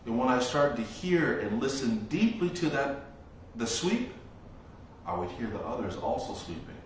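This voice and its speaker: Male monk teacher, calm unhurried storytelling sermon, recorded far from the mic in a boomy room with faint noise. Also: heavy reverb. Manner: slow, reflective storytelling with long pauses. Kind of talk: dharma talk.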